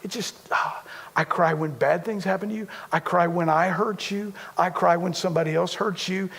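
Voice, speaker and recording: A man's voice: sits high, steady tone, moderate pace, vocal fry, a bit bright, slightly rough, long reverb tail. A man preaching a sermon as a pastor, talking conversationally, repeating himself and poking fun at himself. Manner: conversational, repetitive, self-deprecating humor.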